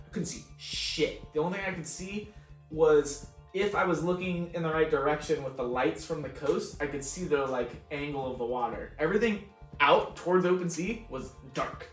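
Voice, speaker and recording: A man co-hosting a podcast, telling a long casual story with frequent laughs and free swearing. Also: fairly high pitch. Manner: laughs often, swears freely, animated retelling. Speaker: podcast co-host. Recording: roomy echo, distant mic, faint music.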